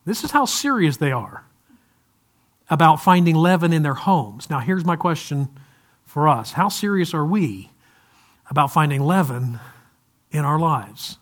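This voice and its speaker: A man with a fairly high-pitched voice preaches to his congregation. His delivery is loose and conversational, with light humor and frequent restarts. His service is also streamed to viewers at home. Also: lively intonation, measured pace, pauses often. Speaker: pastor. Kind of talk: sermon.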